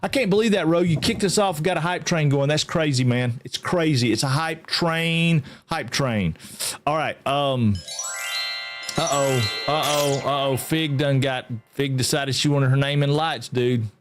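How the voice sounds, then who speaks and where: A man's voice: a little high, unhurried, faint music behind. Easygoing man streaming. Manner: rambling and easygoing, greets chat by name. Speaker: game streamer. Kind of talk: casual livestream chat.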